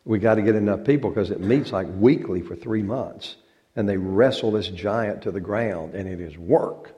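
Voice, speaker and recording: A man's voice: fairly low pitch, normal speed, warm tone. A male pastor giving an informal talk to a church congregation, folksy and joking and drawing out words for effect. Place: church sanctuary.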